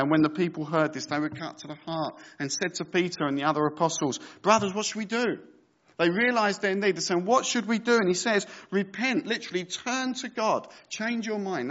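A man's voice: fairly high pitch, highs cut off. A man preaching a sermon as pastor, reading scripture with conversational, joking asides.

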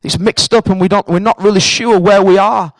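A pastor with a Northern English accent, from northern England, addresses his Cambridge church congregation in a high-pitched, steady voice at a fairly quick pace. His sermon is earnest and direct, with frequent repetition for emphasis. Low-quality recording, no room sound.

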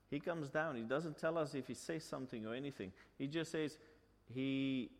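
A man preaching a sermon. He tells the story, asks the listeners questions, and repeats his points in two languages. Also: medium pitch. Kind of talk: bilingual sermon. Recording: long hall reverb.

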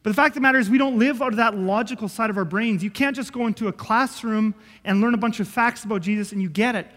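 A man preaching a sermon, an animated storyteller who acts out scenes and swings between loud and quiet. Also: sits high, quick pace, in a large hall. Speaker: pastor.

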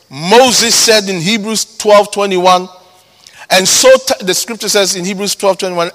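A man preaching a sermon, emphatic, repeating key words and swinging between loud and hushed. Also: sits high. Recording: long hall reverb.

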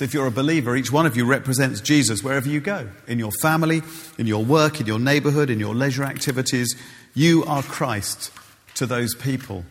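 A man's voice: mid-range voice, in a large hall. A man preaching a sermon in a church, conversational with many ums and restarts.

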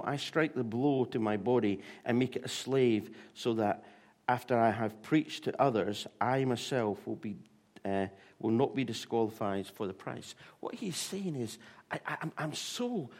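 Animated male preacher. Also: medium pitch, moderate pace. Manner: animated storytelling with fillers and restarts. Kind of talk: sermon.

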